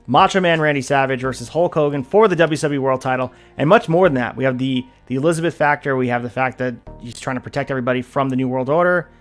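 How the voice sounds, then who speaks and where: A man hosting a casual wrestling podcast, energetic as he hypes and plugs upcoming shows. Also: a little high. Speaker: podcast host.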